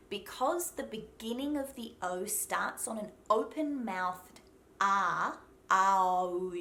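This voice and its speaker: A young adult woman with an Australian accent, teaching an accent tutorial and slowly demonstrating vowel sounds. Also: mid-range voice, a bit bright. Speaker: accent coach.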